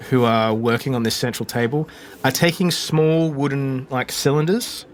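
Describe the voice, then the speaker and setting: A man's voice: medium pitch, moderate pace. A man narrating a tabletop role-playing game as the game master, describing scenes with many fillers and restarts.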